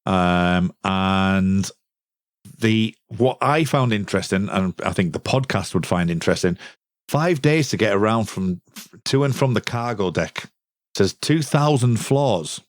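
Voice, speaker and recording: A man hosting a podcast, relaxed and a bit hesitant, asking his guest questions. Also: lowish voice, unhurried, no echo, studio quality. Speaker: podcast host. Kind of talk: casual podcast chat.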